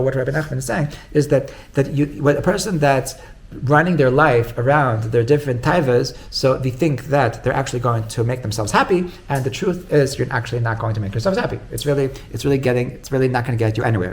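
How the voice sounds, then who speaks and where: Gravelly-voiced rabbi giving a casual class. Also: male voice, mid-range voice. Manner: conversational, retells stories with quoted dialogue. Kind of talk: informal Torah class lecture.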